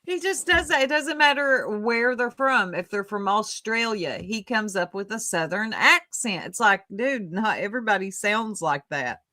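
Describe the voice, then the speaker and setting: Woman co-host, bright tense voice, wry asides. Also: medium pitch, lively intonation, moderate pace, hardly any pauses, no room sound. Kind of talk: casual live-stream chat.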